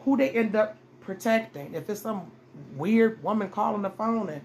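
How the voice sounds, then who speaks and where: A woman's voice: mid-range voice, normal speed, a little mellow, slight background noise. A middle-aged woman hosting a podcast, giving dating advice in a blunt, profane, casual monologue and repeating phrases for emphasis. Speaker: podcast host.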